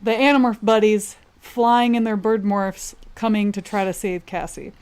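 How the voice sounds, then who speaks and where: A woman's voice: medium pitch, fairly even intonation, moderate pace, darkish tone, smooth. A woman co-hosting a podcast, casually recapping a book with frequent laughs and fillers. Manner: laughs often, filler-heavy retelling. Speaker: podcast co-host.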